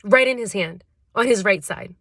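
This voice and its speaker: A woman's voice: medium pitch, moderate pace, a bit bright, no echo, studio quality. A young woman vlogger telling a storytime tale in casual slang, full of fillers. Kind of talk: storytime vlog.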